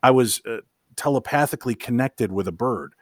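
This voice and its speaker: A man as a podcast guest in casual chat, telling a story with excitement and often repeating words as he goes. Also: mid-range voice, a little fast, no echo, studio quality.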